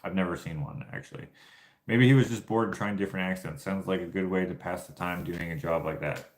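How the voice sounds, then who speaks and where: Low-voiced man rambling, echoey room. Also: a little fast. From Canada. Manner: rambling storyteller, many fillers and restarts. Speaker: livestream host. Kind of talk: casual livestream chat. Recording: roomy echo.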